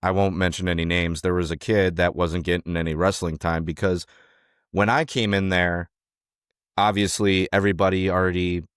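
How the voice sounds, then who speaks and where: A young man with a fairly low voice tells a story from his coaching days in an easy podcast chat. He talks animatedly, acting out what people said and swearing freely. The sound is dry and close, with no room around it. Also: steady tone, moderate pace, fairly bright tone, clear, resonant tone, no echo. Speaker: podcast co-host, former youth wrestling coach.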